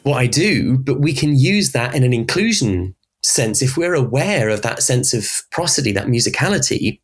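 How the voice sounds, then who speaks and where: A man with a Southern English Berkshire accent, a voice coach speaking as a guest in a conversational podcast interview, explaining things in an animated way. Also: medium pitch, normal speed, breathy edge. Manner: expressive, animated explainer who often laughs.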